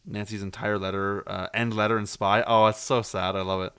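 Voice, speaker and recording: A man's voice: fairly low pitch, level tone, brisk, few pauses, a bit bright, smooth. A man livestreaming a detective game, chatting casually, laughing and quoting lines from the series. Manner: playful, quotes lines in silly voices, laughs often. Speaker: streamer playing a detective game.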